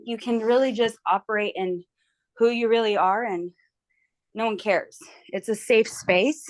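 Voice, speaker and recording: A tired young woman on a video call, telling a story candidly in casual chat. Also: mid-range voice. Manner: candid, storytelling, quotes people in her retelling. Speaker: book club member.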